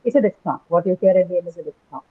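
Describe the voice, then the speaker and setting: A woman's voice: on the low side, racing, husky. A woman teaching an English class online, patiently repeating words and questioning her students. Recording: tinny phone-like call audio.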